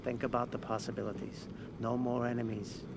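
Roth, a man playing a gravelly old mob financier. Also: medium pitch, brisk, natural voice. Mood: persuasive. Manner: calm, persuasive. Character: shrewd aging male mob financier. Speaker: mob boss. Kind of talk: video game cutscene dialogue. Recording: game audio with noisy background.

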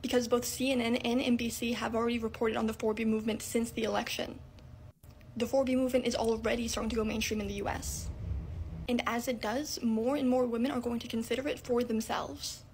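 Measured woman, slightly high voice. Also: level tone, darkish tone, slight background noise. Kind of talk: commentary to camera.

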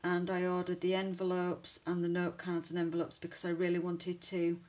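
A woman's voice: lowish voice, monotone, fairly quick, darkish tone. A woman chatting casually while demonstrating card making, thinking aloud as she works. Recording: dull lo-fi sound with faint hiss.

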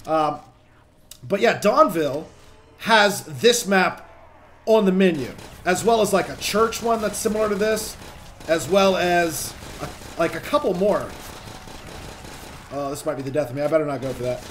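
A young man casually commenting on his own gameplay as a channel host, chatty and excitable, swearing when things get tense. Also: sits high, moderate pace, pauses often, a little hiss or hum.

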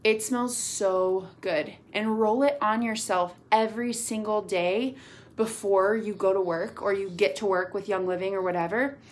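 Woman, team leader on a video call, casual motivational pep talk, gushing and chatty, mid pitch. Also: moderate pace. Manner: gushing, upbeat, lots of "like" and "y'all".

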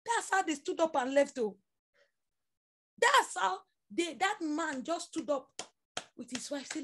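A woman preacher, telling an animated story in a sermon and laughing through her words. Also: high voice, a little slow, pauses often, slight background noise.

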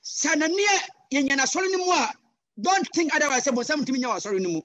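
A man with a Ghanaian accent preaching a sermon over a video call, passionate and switching between English and Twi with sudden loud cries. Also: very high voice, sing-song, fast talker, dry recording. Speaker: guest pastor.

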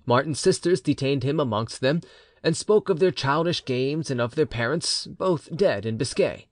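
A man narrating a classic novel as an audiobook reader, with expressive storytelling delivery. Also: on the high side, moderate pace, no echo, studio quality. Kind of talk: scripted narration.

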